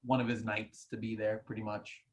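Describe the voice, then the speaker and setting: A man's voice: lowish voice, flat delivery, brisk. A young man hosting a casual podcast chat, rambling through stories and acting out what he said. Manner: rambling storytelling with laughs and acted-out quotes. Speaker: podcast host.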